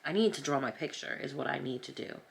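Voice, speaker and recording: Talking to her viewers as she paints, this thirtysomething woman from New Jersey speaks with an extremely low pitch, lively intonation, a quick pace and vocal fry. She rambles, pokes fun at herself and plays up the drama, and the camera mic picks up a little hiss or hum.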